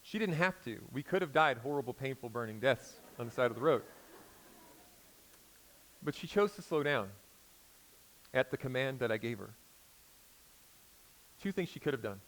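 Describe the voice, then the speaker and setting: A man's voice: mid-range voice, lively intonation, moderate pace, long pauses, poor audio. Storytelling American man preaching a sermon. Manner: conversational storytelling preacher, swings from loud emphasis to quiet intensity. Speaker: pastor.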